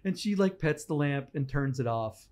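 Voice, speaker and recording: A man co-hosting a podcast in a studio, telling stories in a lively, animated way and acting out the scenes as casual chat. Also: on the high side, moderate pace. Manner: animated storyteller, acts out scenes. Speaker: podcast co-host.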